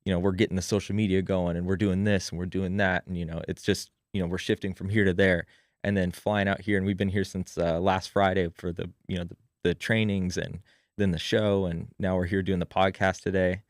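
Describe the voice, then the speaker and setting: Low-voiced rambling man on a podcast. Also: level tone, fairly quick, no echo, studio quality. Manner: rambling, lots of "you know" fillers. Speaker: podcast guest. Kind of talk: casual podcast chat.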